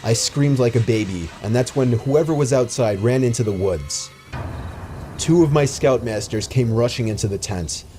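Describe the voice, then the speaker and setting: A man narrating a true scary story in a steady, scripted storytelling delivery. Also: mid-range voice, moderate pace, soft background music.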